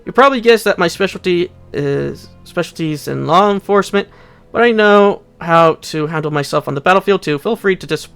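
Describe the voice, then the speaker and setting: A man's voice: high-pitched, creaky, fairly bright tone, clean tone, faint music behind. A man reading out a keen young cop. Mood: eager. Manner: earnest and brisk, reading game dialogue aloud. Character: eager young male cop, boastful maverick.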